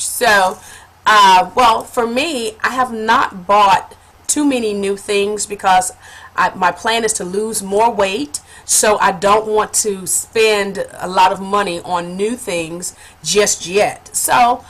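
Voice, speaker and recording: A woman vlogger telling a funny personal story in a casual, animated way, laughing and calling her viewers honey. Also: medium pitch.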